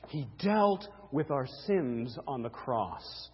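A man preaching a sermon, emphatic and repeating key words, asking rhetorical questions, swinging between booming and hushed. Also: very animated, takes it slowly, few pauses, husky. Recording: lo-fi with long hall reverb.

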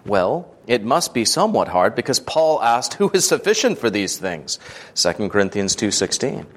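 A man giving a scripted devotional reading, measured and earnest, lifting his voice for quoted speech. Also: on the low side, sing-song. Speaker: devotional reader.

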